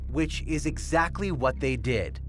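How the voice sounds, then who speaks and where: A man from Canada, a news anchor, reading measured, grave documentary narration. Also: medium pitch, animated. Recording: voice-over with music bed.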